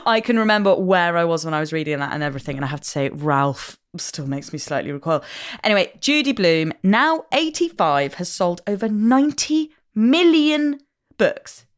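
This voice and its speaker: Lower-pitched female co-host, wry and lively, part chat, part prepared notes. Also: moderate pace. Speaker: podcast co-host. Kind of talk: casual book chat.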